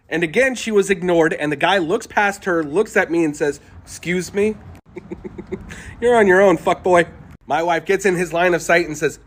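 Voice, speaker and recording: Profane, animated man telling a story. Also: fairly high pitch, slight background noise. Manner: profane, animated, laughing asides. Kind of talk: storytime monologue.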